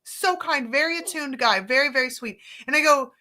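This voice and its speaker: A woman co-hosting a casual podcast chat, telling funny stories with lively, joking energy and acting out both sides of conversations. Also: sits high, a little fast, few pauses. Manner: animated, joking, acts out dialogue with rising exclamations. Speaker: co-host, therapist.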